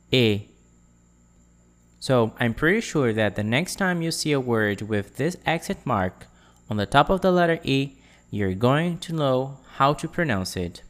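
A man teaching a French pronunciation lesson on a podcast, speaking clearly and repeating words for listeners to copy. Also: mid-range voice.

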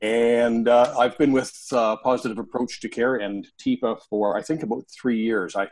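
A middle-aged man from Canada, a dementia care trainer chatting as a guest on a podcast in a relaxed, drawling way with many pauses. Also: mid-range voice. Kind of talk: casual podcast chat.

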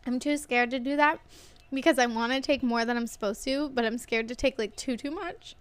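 A woman's voice: on the high side, fairly even intonation, brisk, slight background noise. Sick young woman telling a story. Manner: laughing storyteller. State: sick with a cold. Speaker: podcast co-host. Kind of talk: casual chat.

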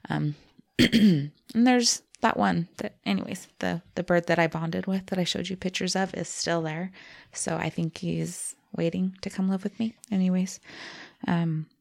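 A woman's voice: on the low side, vocal fry, no echo, clean studio sound. A woman co-hosting a casual podcast chat, telling rambling stories with lots of giggles. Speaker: podcast co-host.

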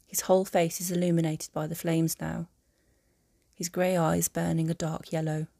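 A woman narrating a fan audiobook in a calm, even storytelling manner. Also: lowish voice, moderate pace, creaky, no room sound, clean studio sound.

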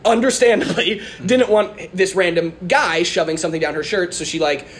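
A man's voice: high voice, normal speed, a little hiss or hum. A man telling a funny story in casual chat, rambling with lots of fillers and frequent laughs.

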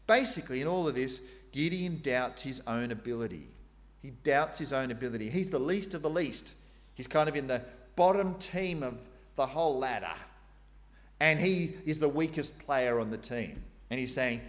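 A man with a slightly high voice and big pitch swings preaches a conversational sermon at a moderate pace. He acts out the quoted voices and adds asides, and the recording has long hall reverb.

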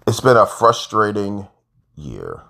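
A man ranting casually as a sports fan vlogger, frustrated, jumping between loud outbursts and low mutters. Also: wildly swooping pitch, slow, gravelly.

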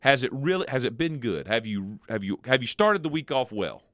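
A man hosting a podcast in casual chat, asking questions in a playful, animated way from a studio. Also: medium pitch, a little fast, no room sound. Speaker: podcast host.

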